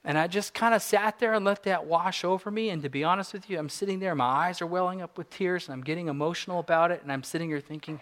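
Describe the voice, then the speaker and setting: A man in his forties preaching a sermon, earnest, moving between soft reflective passages and rising emphatic ones. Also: fairly high pitch, fast, few pauses. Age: 40s. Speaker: pastor.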